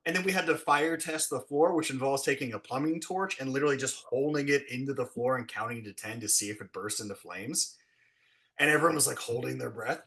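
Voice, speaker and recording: A man, a special effects blacksmith, telling set stories in a casual, animated way and acting out what people said. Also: brisk. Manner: animated, acts out quotes with big pitch jumps. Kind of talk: casual storytelling.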